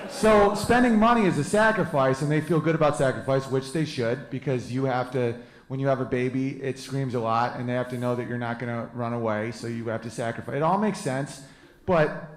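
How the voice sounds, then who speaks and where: A man's voice: mid-range voice, moderate pace, echoey room. A man in his thirties doing a brash, crude stand-up set on a club stage, riffing with the crowd. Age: 30s. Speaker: stand-up comedian.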